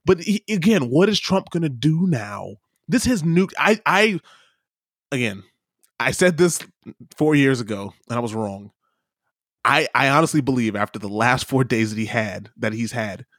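A man in casual podcast talk, his slightly raised voice swinging up and down as he rants. He mocks, stumbles into quick restarts and pushes on. The sound is dry and close. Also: on the high side, no room sound. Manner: animated, mocking, rapid-fire ranting with stammered restarts. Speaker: podcast co-host. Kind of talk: casual political chat.

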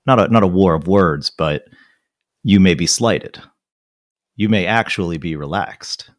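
A man's voice: low voice, unhurried, dry recording, studio quality. A man co-hosting a podcast in casual chat, sarcastic and given to swearing as he tells stories. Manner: animated, swearing, sarcastic storyteller. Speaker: podcast co-host.

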